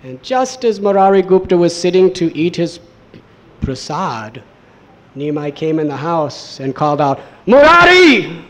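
A man with a fairly high voice tells a devotional story as a sermon. His delivery is animated, with repeated words for emphasis. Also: a little slow. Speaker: storyteller, preacher.

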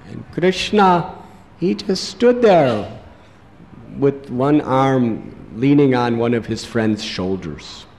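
A man delivers a sermon as dramatic storytelling, drawing out words at an unhurried pace. His voice rings through a large hall with a long reverb trailing each phrase. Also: medium pitch, expressive, darkish tone. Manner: dramatic storytelling, slows for emphasis. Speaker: preacher.

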